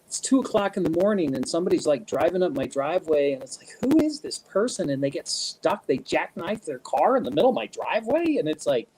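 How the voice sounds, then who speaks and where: A man's voice: a little high, animated, quick pace, hardly any pauses, darkish tone, slight background noise, rough recording. A man in a casual interview, telling rambling stories with many restarts and bursts of laughter. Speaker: guest speaker.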